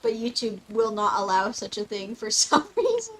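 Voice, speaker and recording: Streaming a game, a young woman chats casually and playfully, laughing often and tossing in mock-old-fashioned asides. Her voice sits on the high side with big pitch swings at a moderate pace, and the recording quality is low.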